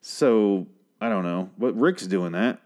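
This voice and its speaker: A man with a fairly low voice talks through a TV episode in a loose, rambling recap. He is sardonic and profane, and often trails off or restarts mid-thought. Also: slow pace, darkish tone. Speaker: show recap podcaster.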